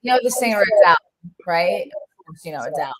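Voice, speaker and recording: A woman's voice: on the low side, animated, fast. A woman hosting a casual webinar conversation, chatty and enthusiastic, affirming her guest as she talks. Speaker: webinar host.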